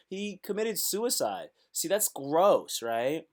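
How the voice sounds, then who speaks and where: A man's voice: mid-range voice, a little slow. A man hosting a casual live stream, reacting aloud to web posts in a loose, slangy way.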